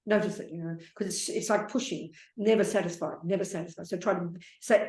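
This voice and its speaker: A woman's voice: fairly low pitch, fairly even intonation, fairly quick, hardly any pauses, a little mellow. A woman Buddhist teacher giving a dharma talk and answering questions, blunt and repetitive, calling listeners darling and sweetheart. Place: meditation center hall. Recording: echoey teaching hall.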